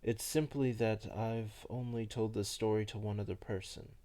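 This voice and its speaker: A man voicing a melancholy old vampire who recalls his past slowly and softly. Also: fairly low pitch, fairly even intonation, lightly acted. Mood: wistful. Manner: slow, soft, hushed storytelling.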